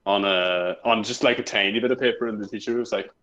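A man's voice: lowish voice, steady tone, fast talker, a bit bright, dull audio. A young man telling a school story in casual chat with friends, rambling through fillers and laughing often. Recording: faint background noise with clicks.

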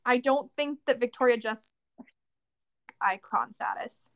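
Animated high-voiced young woman co-host. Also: a little slow, no echo, studio quality. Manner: animated, swears, laughs often. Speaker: podcast co-host. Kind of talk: casual chat.

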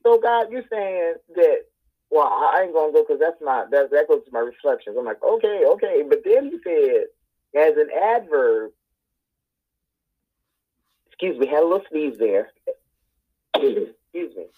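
Husky voice over a phone line. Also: female voice, low voice, lively intonation, a little slow, long pauses. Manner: reflective, repeats phrases for emphasis. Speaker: podcast co-host. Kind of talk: casual group Bible study chat.

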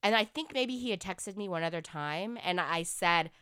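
A woman's voice: fairly low pitch, lively intonation, moderate pace, fairly bright tone, clear, resonant tone, no echo, studio quality. A woman co-hosting a podcast in casual chat, earnestly explaining an idea at length. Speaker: podcast co-host.

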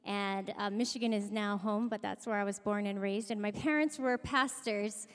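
A woman from Hawaii giving a personal testimony in front of a congregation. She speaks hesitantly and fills her pauses. Her voice rings with a long church hall reverb. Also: medium pitch, steady tone. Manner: hesitant, with fillers. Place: church sanctuary.

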